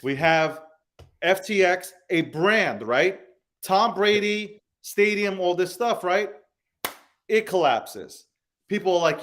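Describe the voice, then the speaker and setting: A man with a high-pitched, slightly bright voice speaks slowly as host of a heated crypto podcast. He rants angrily and profanely, driving his points home by repeating phrases.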